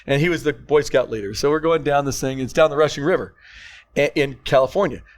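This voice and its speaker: An older man, a grandfather, telling rambling family stories in casual chat and acting out quotes loudly. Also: fairly high pitch, fast talker. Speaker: podcast co-host.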